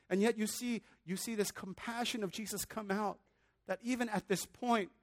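Earnest pastor preaching, casual and lively. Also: male voice, high-pitched, moderate pace. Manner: earnest, conversational preaching with many restarts and casual asides. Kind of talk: sermon.

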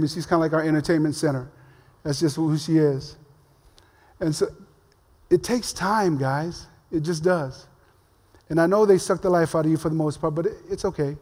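A man's voice: fairly high pitch, darkish tone. An older man, a pastor, giving a sermon in a casual, humorous storytelling way. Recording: long reverb of a large hall.

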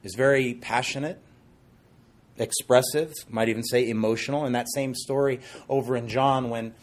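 A man preaching a sermon, retelling stories with animated delivery and joking asides. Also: mid-range voice, moderate pace. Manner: animated storytelling with acted quotes and asides.

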